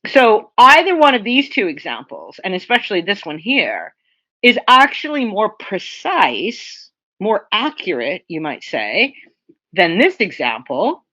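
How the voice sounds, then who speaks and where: A woman's voice: mid-range voice, wildly swooping pitch, measured pace, bright, forceful tone, dry recording. A woman lecturer giving an academic seminar talk in a conversational way, often checking in with her listeners. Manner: conversational, checks in with "okay?" and "right?". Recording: dry, dull lo-fi lecture audio.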